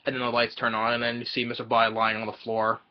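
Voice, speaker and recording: A man casually retelling a film's plot in a rambling, halting way, with many fillers and chuckles. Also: medium pitch, completely flat delivery, muffled recording. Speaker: film reviewer.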